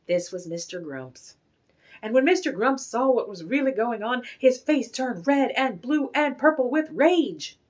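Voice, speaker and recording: A woman with a fairly high voice reads a children's picture book aloud. Her storytelling is expressive and animated, leaning into each turn of the tale. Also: measured pace.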